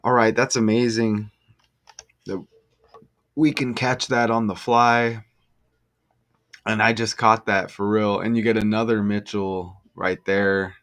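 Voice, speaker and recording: A man musing slowly over basketball schedules and number matches, breaking into excited exclamations. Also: on the low side. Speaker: gematria sports commentator. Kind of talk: casual solo commentary over on-screen schedule. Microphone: desk mic.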